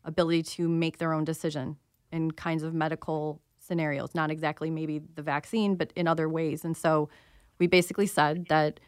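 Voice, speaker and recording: A woman's voice: low voice, flat delivery, fairly quick, clean tone, no echo, studio quality. A woman guest on a talk show, speaking earnestly with many fillers as she recounts her experience. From Pennsylvania. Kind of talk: casual radio talk.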